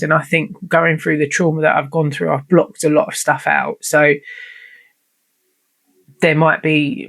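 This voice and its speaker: A woman's voice: low-pitched, gravelly. A woman hosting her own show, telling a personal story in a candid, rambling way and swearing freely. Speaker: podcast host.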